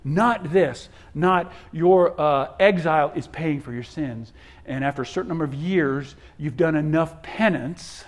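Man preaching, soft lows to loud highs. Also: measured pace, hardly any pauses. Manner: preaching with wide swings from soft hush to loud emphasis; repeats words and restarts phrases. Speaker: pastor. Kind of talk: sermon.

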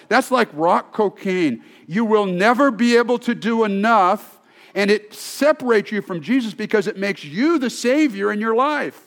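Slightly high-voiced man preaching a sermon. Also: lively intonation, normal speed. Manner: conversational storytelling with frequent restarts. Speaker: pastor.

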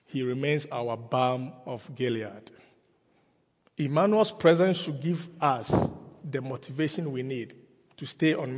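A man preaching a sermon as pastor, slow and emphatic, repeating key phrases for weight. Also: mid-range voice, husky. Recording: lo-fi, long reverb in a hall.

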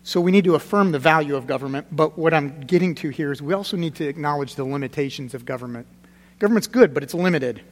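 Speaking quickly in a slightly high voice, a man preaches as pastor in a large hall. His style is conversational yet emphatic, circling back to his main points and falling to a hushed, solemn tone.

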